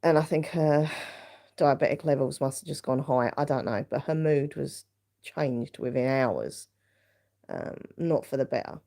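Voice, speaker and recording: A woman rambling through a casual chat on her live stream. Her voice sits low with a gravelly fry running through it. The tone is mellow and dark. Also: measured pace. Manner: rambling, chatty storytelling with many fillers. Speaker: vlogger hosting a live stream.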